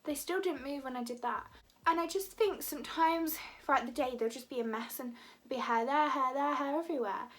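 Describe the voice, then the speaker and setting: Young woman, high voice, rambling chatty vlogger. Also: a little fast. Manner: rambling, chatty, many "like" fillers. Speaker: beauty vlogger. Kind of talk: casual chat to camera.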